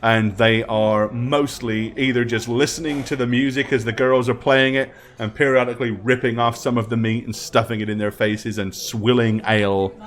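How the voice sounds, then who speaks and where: A man narrating as dungeon master in a tabletop game, describing scenes in detail with many pauses and ums. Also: medium pitch, steady tone.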